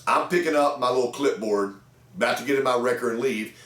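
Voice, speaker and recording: A man's voice: mid-range voice, a little fast, a bit bright, recorded from a distance. A man in his fifties, a sales trainer, telling folksy anecdotes about selling cars, talking to camera. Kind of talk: storytelling talk to camera. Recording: echoey room.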